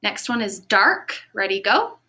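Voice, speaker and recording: A woman teaching a recorded phonics lesson to children, speaking clearly and encouragingly and stretching out the sounds of words. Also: mid-range voice, big pitch swings, sharp tone. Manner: slow, clear, encouraging classroom delivery.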